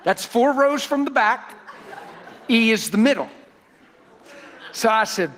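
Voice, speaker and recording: A man preaching a sermon through folksy, animated personal stories. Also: extremely high pitch, slow. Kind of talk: storytelling sermon.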